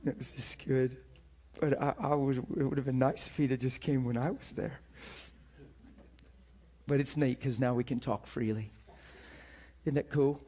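A man preaching a sermon as a pastor, telling a personal story in an animated way, often breaking into laughter and repeating words as he goes. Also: medium pitch, moderate pace, long pauses.

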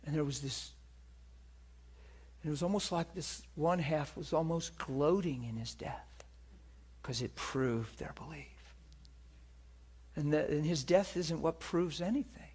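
A man preaching a sermon, moving between hushed, whispered moments and loud, impassioned stretches. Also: fairly high pitch, animated, slow pace, pauses often, husky.

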